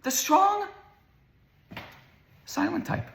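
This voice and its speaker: A man teaches a Torah lecture in a very high, fairly bright voice with vocal fry, drawing out his words. He speaks emphatically, poses rhetorical questions and repeats words for stress, in a recording with roomy echo.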